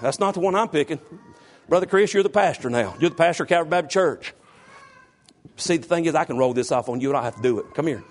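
Preacher guy, middle aged, fairly high voice, gets loud and fired up calling out folks in the pews. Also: expressive, fast. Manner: rising to loud exhorting, calls on congregation by name. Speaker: pastor. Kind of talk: sermon.

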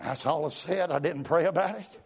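A man's voice: fairly high pitch, moderate pace, vocal fry, husky. An older man preaching a fervent revival sermon in a church. He speaks in rhythmic bursts and puts an "uh" before nearly every phrase. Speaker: guest preacher.

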